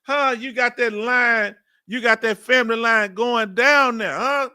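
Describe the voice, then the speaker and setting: A Texan veteran in his fifties hosts a casual live stream, reading viewer comments aloud and laughing often. His Southern Texas accent comes through a very high-pitched, pushed and bright voice with a clean tone and measured pace, and he's chatty with drawling asides.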